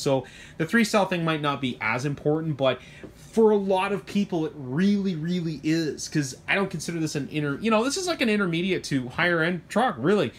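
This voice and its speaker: Fairly high-pitched and brisk, a middle-aged hobby shop owner talks casually about a truck on offer, animated and rambling. Mild curses and asides pop up throughout, over a faint hiss or hum.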